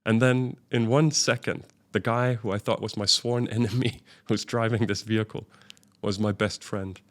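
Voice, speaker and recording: A man's voice: lowish voice, steady tone, normal speed. A man, a guest in an interview, telling a vivid travel anecdote and acting out the dialogue he quotes. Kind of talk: storytelling in a conversational interview.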